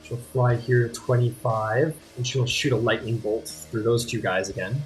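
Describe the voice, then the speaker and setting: A man narrating as game master of a tabletop game, chatty and quick to apologize. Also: medium pitch. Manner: lively, chatty, apologetic asides. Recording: faint guitar music behind.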